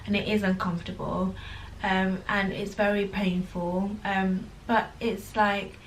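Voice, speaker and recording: A woman's voice: medium pitch, little pitch movement, measured pace, recorded from a distance, a little hiss or hum. A young woman talking candidly to camera at home, full of fillers and addressing viewers as "guys". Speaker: vlogger, first-time mother. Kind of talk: casual chat to camera. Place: home room. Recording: voice a little off-mic, faint music behind.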